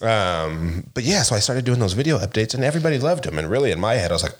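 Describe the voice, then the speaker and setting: A middle-aged man co-hosting a podcast, telling animated stories in casual chat and laughing often. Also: fairly low pitch, quick pace, few pauses. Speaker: podcast co-host.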